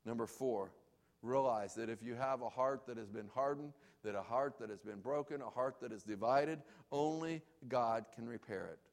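A male pastor delivers an emphatic sermon in a church. His voice has a gravelly, creaky texture at a mid pitch. He repeats key phrases to drive points home. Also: normal speed.

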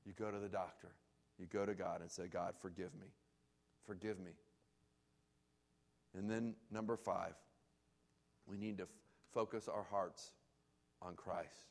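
A man's voice: deep voice, fairly even intonation, moderate pace, gravelly, pauses often. A man preaching a sermon as pastor, emphatic and repeating key phrases for weight.

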